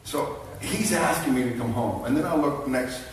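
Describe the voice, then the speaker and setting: A middle-aged man telling an emotional personal testimony to a men's conference crowd, halting with many restarts. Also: medium pitch, a little hiss or hum. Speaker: conference speaker. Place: large conference hall. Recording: echoey hall, heard from a distance.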